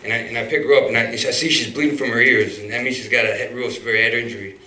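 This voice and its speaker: A man's voice: medium pitch, fairly even intonation, very fast, bright, forceful tone. A man telling a personal story live on stage, rambling, with restarts, fillers and swearing. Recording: roomy hall, mic far off.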